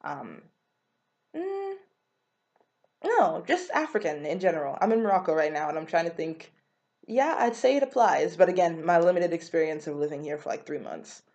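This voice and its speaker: A young woman speaks in a relaxed vlog. Her voice sits a bit low. She is chatty and rambling, with frequent fillers and quick self-corrections as she explains. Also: lo-fi sound. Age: young adult. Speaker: vlogger.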